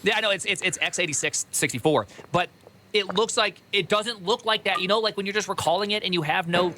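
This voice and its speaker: Excitable rambling male streamer, bright voice. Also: sits high, brisk, slight background noise. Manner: rambling, excitable, laughs often, restarts mid-sentence. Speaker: streamer reacting to a video. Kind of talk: casual live reaction commentary.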